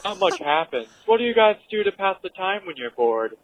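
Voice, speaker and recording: A man calling in with deadpan, crude joking voicemails. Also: high-pitched, a little fast, dry recording, rough recording. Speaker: caller leaving voicemails.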